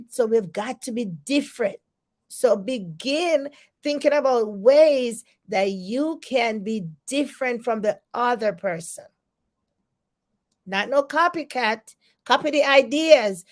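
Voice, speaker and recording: A Jamaican woman giving a casual motivational live-stream talk, encouraging and repetitive, with many fillers. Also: high voice. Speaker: motivational speaker.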